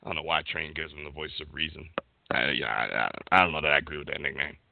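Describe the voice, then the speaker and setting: A man's voice: rumbling low, steady tone, fast talker, creaky, background noise. A middle-aged man hosting a casual sports talk show, rambling and searching for words as he goes. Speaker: podcast host. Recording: dry, phone-like audio.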